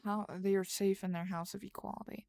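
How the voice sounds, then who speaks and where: A woman's voice: medium pitch, level tone, fairly quick, creaky, a little mellow, no room sound. A woman streamer chatting casually with her viewers late at night, rambling and thinking aloud as she writes. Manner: rambling, thinks aloud while typing, answers chat. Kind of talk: casual live-stream chat while writing.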